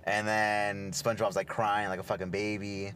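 Low-voiced man in profane casual chat. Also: level tone, moderate pace, a bit bright, slight background noise. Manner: profane, laughing, storytelling. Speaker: podcast co-host.

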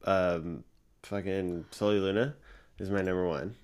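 A man's voice: sits low, fairly even intonation, unhurried, smooth. A young man co-hosting a casual podcast, rambling with lots of fillers and casual swearing. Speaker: co-host.

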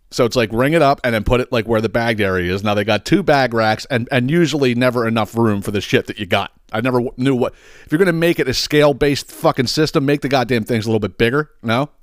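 Man, thirties, podcast host, profane exasperated storytelling, middle pitch, dry close sound. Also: fast talker, no room sound. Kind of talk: ranting storytelling.

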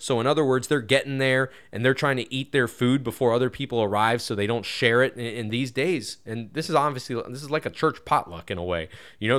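Earnest, chatty male Baptist preacher. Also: clear, resonant tone. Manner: casual and earnest, with frequent "you know" fillers; grows louder and higher when stressing a point. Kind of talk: conversational Bible teaching.

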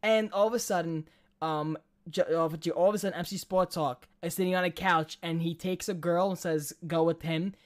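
A man's voice: on the high side, steady tone, moderate pace. A man co-hosting a podcast in casual chat, rambling with many restarts and frequent swearing. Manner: rambling, profane, trailing restarts. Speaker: podcast co-host.

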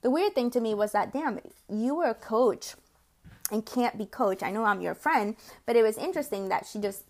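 A woman's voice: a little high, lively intonation, moderate pace, a little mellow. A woman in her forties hosting a podcast, telling personal stories in a chatty, casual way and sometimes swearing. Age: 40s. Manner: chatty, acts out quoted voices, swears casually. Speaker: podcast host and consultant. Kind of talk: casual storytelling monologue.

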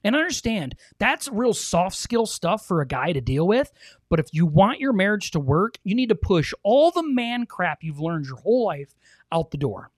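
A man's voice: sits high, very animated, moderate pace, no echo. A man co-hosting a couples podcast, talking to other husbands in an earnest, exhorting way. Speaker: podcast co-host. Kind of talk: casual podcast talk.

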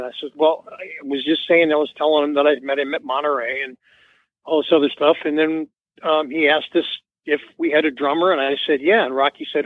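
In an interview, a male musician tells a casual, rambling story and acts out the quoted dialogue. He speaks a little fast in a fairly even, high-leaning voice, with no room sound, over a tinny, dry phone line.

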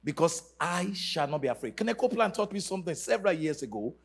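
A man's voice: on the high side, big pitch swings, quick pace, vocal fry, slightly rough. A man preaching a sermon to a church congregation, emphatic and sing-song, leading call-and-response. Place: church service.

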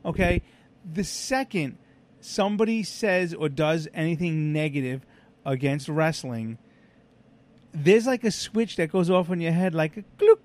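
A man's voice: on the high side, animated, unhurried, a little mellow. A man co-hosting a podcast, telling a long anecdote in casual chat, with many restarts. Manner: rambling, self-interrupting storyteller with many restarts and fillers. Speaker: podcast co-host.

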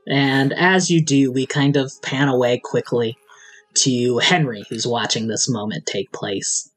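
A man's voice: mid-range voice, unhurried, fairly bright tone. A man from the American Midwest narrating as game master, often laughing through his descriptions.

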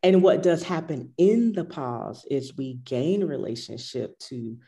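A woman's voice: low voice, animated, unhurried, warm tone. A middle-aged woman who teaches yoga, talking in a reflective, storytelling way and acting out her past self. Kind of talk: casual conversation.

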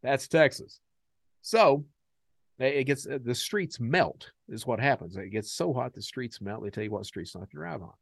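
An American man hosting a podcast, talking casually and candidly with many fillers, growing animated in his stories. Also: mid-range voice, moderate pace, gravelly, breathy edge, no echo, studio quality. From United States. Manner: animated when telling stories. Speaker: podcast host.

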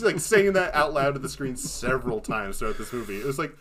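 Male podcast co-host, mid-pitched, animated and profane, acts out movie lines. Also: fairly quick. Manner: animated, swearing, acts out quotes in exaggerated voices. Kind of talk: casual chat.

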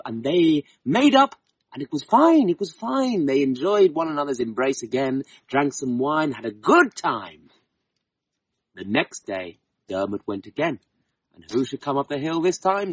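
A man telling a folk tale in an expressive, dramatic way, slowing down for emphasis. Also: fairly high pitch, husky, dry recording. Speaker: storyteller. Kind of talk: oral storytelling of a folk tale. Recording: dull, slightly distant, harp music behind. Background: soft harp music.

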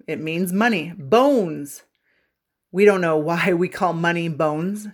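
A woman's voice: on the low side, takes it slowly. Playful Canadian woman English teacher. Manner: playful, jokey, bursts into singing. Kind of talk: humorous language lesson on radio.

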